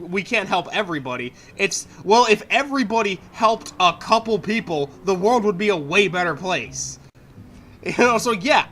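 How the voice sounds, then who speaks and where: A man's voice: high voice, sharp tone, a little hiss or hum. A young man giving casual, rambling commentary while playing a video game, swearing and laughing as he goes. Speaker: let's play gamer.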